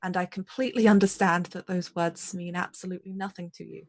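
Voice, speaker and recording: A woman's voice: fairly low pitch, steady tone. A woman playing Mara, a remorseful noble sister. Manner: earnest, apologetic, halting.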